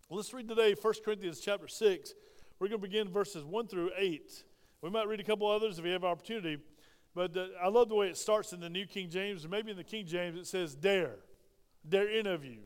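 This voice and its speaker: A Southern American man preaching in a church, his voice high for a man and clean, smooth and resonant. He rouses the congregation with emphatic call-and-response. The sound carries a long, lingering reverb from the hall. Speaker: pastor. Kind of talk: sermon. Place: church sanctuary.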